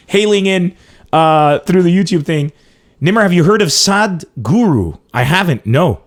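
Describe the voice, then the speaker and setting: Excitable comedian hosting a livestream, high voice. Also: male voice, unhurried. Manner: excitable, laughs often, reads comments aloud. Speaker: comedian hosting a live-streamed podcast. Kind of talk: casual livestream chat with callers and chat.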